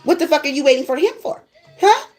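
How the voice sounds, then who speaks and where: A woman's voice: high voice, sing-song, fast talker, darkish tone, faint music behind. A woman tarot reader ranting casually to her viewers, blunt and profane as she scolds them.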